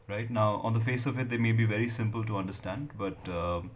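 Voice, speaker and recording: A middle-aged English lecturer with a lowish voice speaks a little fast, with slight hiss or hum, in a lecture on academic writing. He sounds hesitant, using lots of fillers and frequently checking with "right?"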